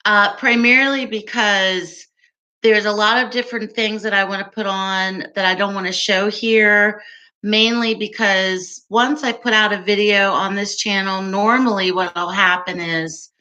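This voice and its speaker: A woman's voice: mid-range voice, steady tone, unhurried, pushed and bright. A woman hosting a casual livestream, chatting with viewers, laughing often and answering their comments. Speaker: livestream host.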